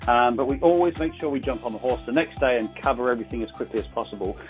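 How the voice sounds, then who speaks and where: A man's voice: medium pitch, very fast, faint music behind. An Englishman hosting an accountability call, chatting casually in a jokey way with plenty of fillers. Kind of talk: casual chat.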